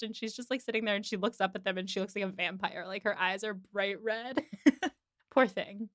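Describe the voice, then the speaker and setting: A woman's voice: a little high, a little fast, dry recording, studio quality. A woman hosting a podcast, recapping an episode in casual chat and acting out the characters' lines. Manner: animated, acts out lines of dialogue.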